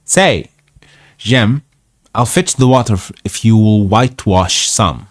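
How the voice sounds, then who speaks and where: A man's voice: lowish voice, slow pace, dry recording, studio quality, pitched above the performer's own voice. A man voicing a mischievous young boy who coaxes a friend, read aloud. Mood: coaxing.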